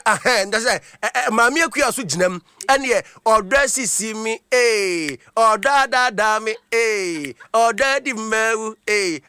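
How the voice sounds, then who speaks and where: A man hosts a chatty radio show. His high, bright voice rolls on with little fillers, and the sound is close and dry with no room around it. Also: clear, resonant tone, no echo. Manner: lively, chatty, full of fillers. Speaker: radio host. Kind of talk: casual radio chat.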